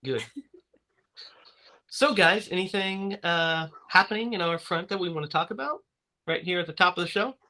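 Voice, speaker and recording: A man's voice: sits high, normal speed, pauses often, sharp tone. A man hosting a casual horror movie podcast, upbeat and laughing often. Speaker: podcast host.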